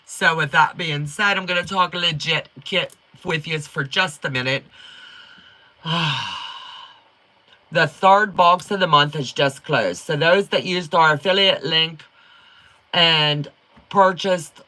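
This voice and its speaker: A middle-aged woman hosting a quilting livestream, chatting in a folksy way with a strong accent, talking fast and reading viewer comments. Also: low voice. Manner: upbeat and warm toward viewers.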